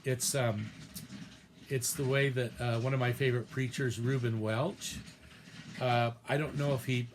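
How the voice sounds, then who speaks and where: A man's voice: medium pitch, fairly even intonation, a little slow, noisy background. Hesitant, chatty male preaching teacher. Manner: loose and hesitant, with many fillers and restarts; reads short quotes aloud from a text. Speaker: preaching instructor. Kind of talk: casual recorded lecture.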